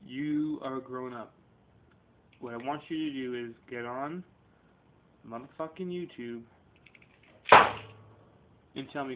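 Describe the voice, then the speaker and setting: Speaking slowly with long pauses, a thirtysomething man in a mid-range voice rants casually to camera, profane and meandering, shifting from confrontational to emotional. Tinny, low-fidelity webcam sound carries a faint hiss.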